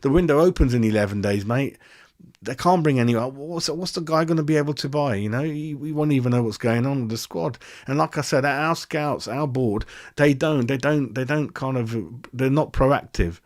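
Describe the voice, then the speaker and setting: A man's voice: medium pitch, moderate pace, darkish tone. A man hosting a football fan channel, ranting after a match in an exasperated, repetitive way with plenty of swearing. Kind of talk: post-match fan rant.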